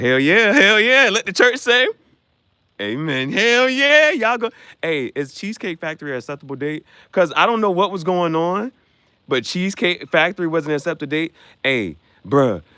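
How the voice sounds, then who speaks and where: A young man hosts a casual livestream, joking, reacting to viewers' comments and laughing often. His voice is medium in pitch, and the recording is dry.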